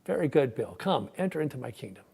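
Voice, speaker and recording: A pastor voicing God as a measured male judge, questioning people at the final judgment in a joke. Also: mid-range voice, sing-song, vocal fry, warm tone, breathy edge, full character voice. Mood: calm. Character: God on his throne, calm male judge.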